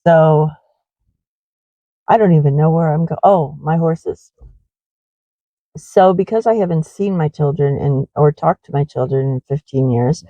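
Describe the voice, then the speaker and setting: A woman's voice: deep voice, measured pace, pauses often, warm tone, no echo, dull audio. A middle-aged woman who runs a horse ranch, rambling in a confessional way with many fillers in a casual walking vlog.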